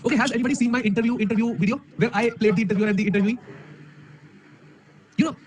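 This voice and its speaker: A man's voice: extremely high pitch, steady tone, very fast, a little hiss or hum. A man with an Indian English accent, an online coding teacher speaking energetically to a live audience, full of emphatic rhetorical questions. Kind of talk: live-stream talk to an audience. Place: room alone. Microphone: camera mic.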